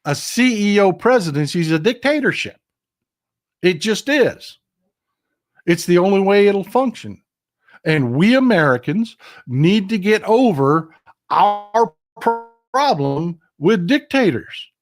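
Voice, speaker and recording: Impassioned middle-aged livestream host. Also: male voice, sits high, very animated, slow. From Texas. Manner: impassioned, emphatic, talks straight to viewers. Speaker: political commentary livestream host. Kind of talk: casual livestream commentary.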